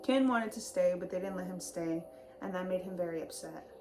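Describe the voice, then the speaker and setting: A woman's voice: on the low side, fairly quick. A young woman and new mother casually telling her labor story in a chatty way, full of "like" and easy laughs. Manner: chatty, lots of "like", laughs easily. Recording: background music under voice. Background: music.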